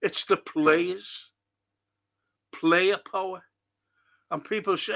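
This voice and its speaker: A man's voice: high-pitched, steady tone, slow, vocal fry, long pauses, a bit bright. A man hosting a fan live stream. He reads out viewer comments and answers them in a blunt, exasperated way, swearing often. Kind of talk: casual chat reading viewer comments.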